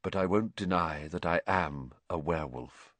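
Guy voicing a calm tired teacher, cool and even, dry close mic. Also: low-pitched, dry recording, pitched below the performer's own voice. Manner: cool, measured. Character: calm weary male teacher, gentle.

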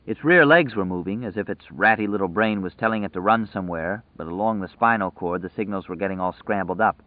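A man narrating an audiobook in a measured, dramatic storytelling manner. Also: lowish voice, no room sound. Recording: dry tinny phone-like sound.

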